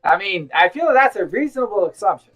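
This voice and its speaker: A woman's voice: mid-range voice, very animated, quick pace, fairly bright tone, faint music behind. A woman playing a tabletop game, chatty and wry. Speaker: player.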